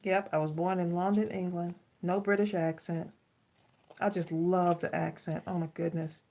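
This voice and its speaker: A woman's voice: lowish voice, fairly even intonation, normal speed, mellow. A woman from Long Island with a slight New York accent, chatting casually and laughing as she crafts on a live stream. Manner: chatty, laughs often, says y'all. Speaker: co-host crafter.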